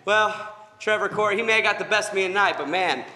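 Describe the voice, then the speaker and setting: A man cutting a comic backstage wrestling promo, boastful and rambling, prone to shouting fits. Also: sits high, fast talker, reverberant, in a large hall.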